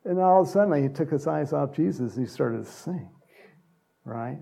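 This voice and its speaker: Male pastor, sermon, gravelly husky voice, mellow tone, chatty, acts out bible characters. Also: on the high side, expressive, normal speed.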